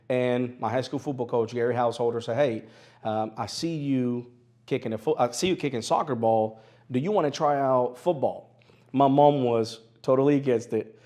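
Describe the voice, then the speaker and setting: A man in his thirties from Venezuela, speaking English with a Spanish accent and a slight Southern twang, telling stories in an animated way as an interview guest. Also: medium pitch. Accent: Venezuelan Spanish with an East Tennessee twang. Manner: animated storyteller, laughs easily, repeats phrases for emphasis. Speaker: interview guest, sports broadcaster. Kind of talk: conversational storytelling interview.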